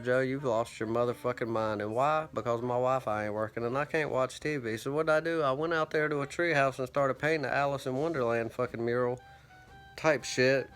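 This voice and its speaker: A man's voice: medium pitch, fairly bright tone. A man rambling through a profane, self-mocking story in a casual monologue, his throat parched. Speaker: vlogger.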